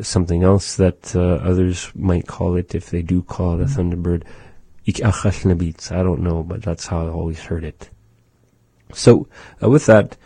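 A man teaching his people's language, going slowly and patiently, with many pauses, and repeating words for practice. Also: low voice, warm tone, husky, no echo. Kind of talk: pronunciation lesson.

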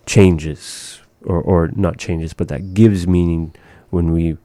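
A man teaching a language in a relaxed conversation, modeling words slowly and patiently. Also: low-pitched, no room sound.

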